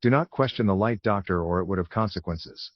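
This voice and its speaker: A man's voice: sits low, fairly quick, dry recording. A man voicing a male criminal mastermind meant to sound mechanical and French-accented, clipped and menacing. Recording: dull lo-fi recording.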